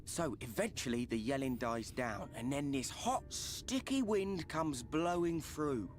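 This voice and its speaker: A man's voice: mid-range voice, animated, measured pace, slight background noise, lightly acted. An actor playing a streetwise male informant with a Cockney accent, chatty and full of slang. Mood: wry.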